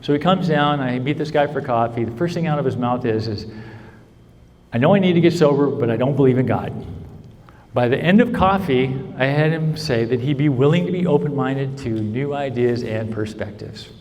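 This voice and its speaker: A man's voice: medium pitch, moderate pace, darkish tone. A man gives a heartfelt personal talk at a convention, checking in with the crowd by asking "right?" again and again. His voice sits in an ordinary middle range. It rings out through a large hall with a long reverb tail. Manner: earnest storytelling, asks "right?" often. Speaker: recovery speaker.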